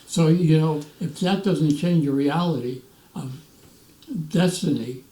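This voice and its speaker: A man in his nineties, a veteran, telling animated stories in an interview and acting out the voices of others. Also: on the high side, measured pace. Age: 90s. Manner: animated storyteller, acts out quoted voices, restarts often. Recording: roomy echo, mic at a distance.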